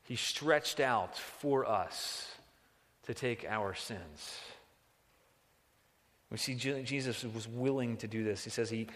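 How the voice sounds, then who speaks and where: A man preaching a sermon as pastor, moving between hushed reflection and loud, impassioned exclamation. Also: mid-range voice, slow pace, long pauses. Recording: reverberant hall.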